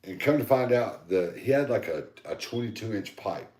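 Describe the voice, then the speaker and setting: A man co-hosting a podcast, telling a loose, rambling story in a casual, animated and profane way. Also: fairly low pitch, normal speed. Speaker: podcast co-host. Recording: echoey room.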